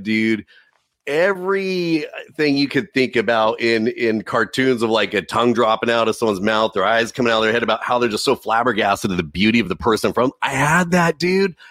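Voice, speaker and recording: A man's voice: mid-range voice, dry recording, studio quality. A man telling his life story in a casual, earnest way, often calling his listener "dude.". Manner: earnest, animated, says "dude" a lot. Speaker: guest telling his testimony.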